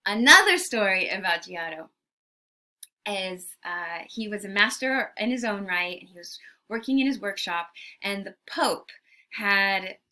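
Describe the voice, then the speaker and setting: A woman art history teacher telling stories in a casual classroom way, chatty and animated, acting out quotes. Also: medium pitch, a little slow.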